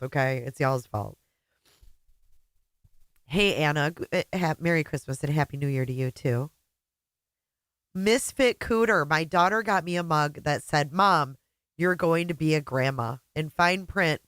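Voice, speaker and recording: This livestream host is a middle-aged woman with a deep, animated, slightly bright voice who talks a little slowly on a dry recording. Tearful and emotional, she keeps the chat casual and greets viewers by name.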